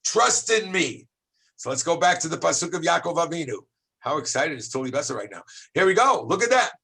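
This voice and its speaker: A man, a rabbi, teaching a high school class in an animated, exclamatory way, calling on students by name and shouting at times for emphasis. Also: quick pace, vocal fry, breathy edge. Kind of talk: lively classroom lesson.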